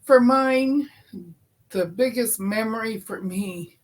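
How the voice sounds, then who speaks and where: Middle-aged woman, crafting channel host, slow, chatty and homey. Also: medium pitch, expressive, fairly bright tone. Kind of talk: casual crafting tutorial.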